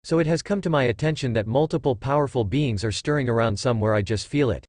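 A man's voice: mid-range voice, quick pace, a little mellow, no echo, lightly acted. A man voicing an arrogant, cocky king of the gods who speaks pompously.

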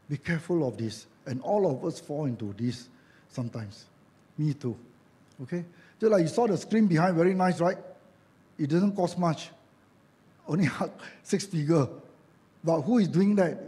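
A man's voice: on the high side, mellow. A man with a Malaysian English accent preaching a sermon as a church elder, chatty and joking, acting out quoted voices and adding tag questions.

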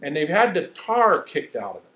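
A middle-aged man preaching a sermon, telling stories in an animated, self-mocking way. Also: a little high, moderate pace, reverberant, low-quality recording. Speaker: pastor.

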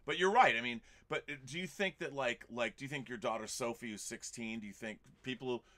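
A man's voice: medium pitch, a little fast, a bit bright. A man hosting a casual movie chat, enthusiastic and digressive, talking in long run-on thoughts. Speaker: podcast host.

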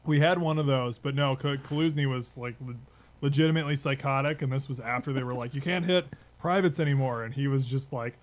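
A man, an Army veteran, telling rough, profane stories with frequent laughs in casual podcast chat. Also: mid-range voice, brisk.

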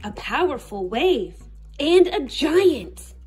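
A woman reading a picture book aloud as storyteller, expressive and unhurried. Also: high voice, faint music behind. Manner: expressive and slow-paced.

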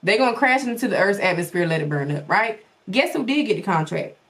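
A woman's voice: mid-range voice, expressive, fast talker, a bit bright, slight background noise. A woman hosting a podcast in casual commentary, sassy and dramatic, rambling with rhetorical questions. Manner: dramatic, exaggerated storytelling. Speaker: podcast host.

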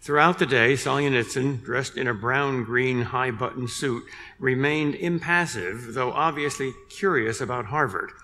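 An older man giving a public lecture, telling a story in a measured way with dry humor. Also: mid-range voice, pushed and bright, a little hiss or hum. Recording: long reverb in a large hall.

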